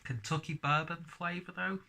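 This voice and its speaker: A man's voice: fairly high pitch, fairly even intonation, moderate pace, gravelly, pushed and bright, slight background noise. A man giving a casual beer and snack tasting review, chatting as he chews. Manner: chatty, talks while chewing.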